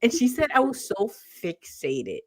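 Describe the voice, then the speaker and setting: A woman co-hosts a relaxed morning talk show over a video call. She tells long personal stories in an animated way, often breaking into laughter. Her voice sits at a middling pitch. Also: unhurried. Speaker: co-host. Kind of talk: casual morning show chat.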